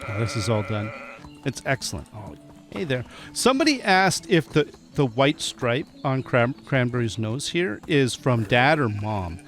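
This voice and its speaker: A man's voice: mid-range voice, very animated, unhurried, music in the background. A man giving casual, chatty gameplay commentary, often laughing and talking to the animals in the game. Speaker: gameplay streamer. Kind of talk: casual let's-play commentary.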